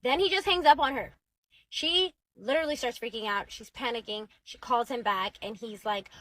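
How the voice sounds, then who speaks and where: A woman's voice: fairly high pitch, moderate pace, fairly bright tone, dry recording. A woman casually recapping a drama-filled story, chatty and dramatic, peppering it with "like". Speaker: storytime narrator.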